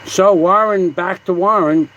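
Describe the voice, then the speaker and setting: A man chats on a casual live stream, voice a touch high for a man. He rambles and argues back at viewers. A faint hiss sits under his voice. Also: unhurried, fairly bright tone, muffled recording. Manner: rambling, combative, reads comments aloud with mock voices. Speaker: livestream host. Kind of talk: casual livestream chat reading comments.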